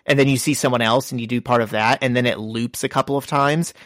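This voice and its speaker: A man's voice: medium pitch, steady tone, fast talker, a bit bright, no echo. A man co-hosting a podcast, chatting casually and acting out little quoted bits as he tells stories. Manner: chatty storyteller, acts out quotes. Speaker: podcast co-host. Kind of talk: casual chat.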